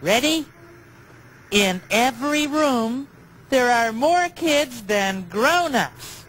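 Gentle childlike giant bird, lively sing-song pitch, talks straight to kids. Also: male voice, slow, slight background noise, full character voice, poor audio. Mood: earnest. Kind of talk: children's TV chat to camera.

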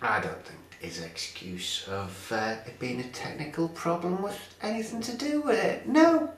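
A man's voice: medium pitch, wildly swooping pitch, moderate pace, a bit bright, echoey room. A man telling a rambling comic story to camera as a vlogger, full of fillers. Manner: rambling, chatty, full of "you know".

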